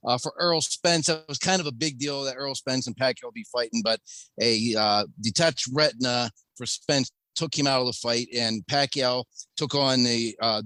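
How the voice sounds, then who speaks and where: A man's voice: medium pitch, dry recording. A man co-hosting a sports podcast, recapping a fight in a casual, conversational way. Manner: conversational, steady recap with restarts. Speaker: podcast co-host.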